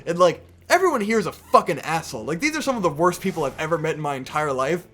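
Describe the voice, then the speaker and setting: High-voiced young man ranting. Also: fast talker. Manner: heavy swearing, animated and exasperated. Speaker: podcast co-host. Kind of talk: casual storytelling rant.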